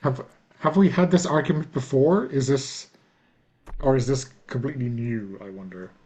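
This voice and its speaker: A man running an online tabletop role-playing game in a relaxed, questioning way. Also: medium pitch, normal speed. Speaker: game master.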